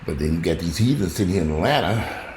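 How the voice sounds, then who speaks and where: A man talking casually to his viewers, rambling and joking, swinging between loud exclamations and low asides. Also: animated, fast talker, a little hiss or hum. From United States. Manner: rambling, joking, talks straight to the audience. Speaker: vlogger.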